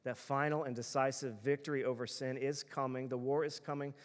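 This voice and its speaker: A man's voice: medium pitch, steady tone, fairly quick. Male pastor preaching, earnest and emphatic, repeats his lines for weight, long echoey hall sound. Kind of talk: sermon.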